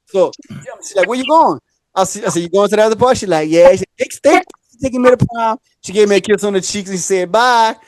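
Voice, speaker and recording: A man's voice: high voice, fast, no room sound. A man, co-hosting a podcast, telling stories in casual chat and acting out quotes, laughing often. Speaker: podcast co-host. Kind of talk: casual storytelling.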